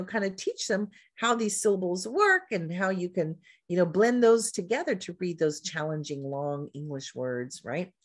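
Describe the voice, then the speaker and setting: Woman teaching speech sounds. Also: medium pitch. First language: Spanish. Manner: demonstrates speech sounds, coaching tone. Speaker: literacy educator. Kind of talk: teaching presentation.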